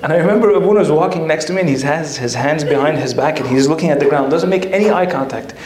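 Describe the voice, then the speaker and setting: A man's voice: on the high side, fast, darkish tone, roomy sound. A male priest telling a funny story to an audience, self-mocking and often laughing. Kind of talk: humorous storytelling talk to an audience.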